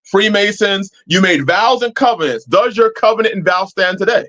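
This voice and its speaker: Guy on a livestream, high voice that swings all over, preachy, cusses a lot. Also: moderate pace. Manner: animated, preachy, swears freely, answers chat. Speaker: livestream host. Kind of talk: casual live-chat talk.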